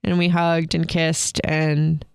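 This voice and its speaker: A young woman, co-host of a podcast, telling a personal story candidly with many filler words and soft laughs. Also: low-pitched, flat delivery, takes it slowly, creaky, smooth, no echo, studio quality.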